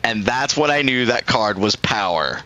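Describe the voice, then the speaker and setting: In a rough recording, a middle-aged livestreamer works his way through a meandering story, performing each side of the dialogue. His medium-pitched voice is expressive, pushed and bright, at a moderate pace.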